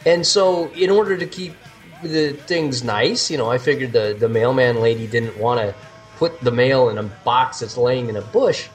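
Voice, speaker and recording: A man co-hosting a podcast, telling stories in an animated, casual way. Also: mid-range voice, moderate pace, soft background music. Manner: animated storytelling, laughs easily. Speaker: podcast co-host. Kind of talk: casual chat.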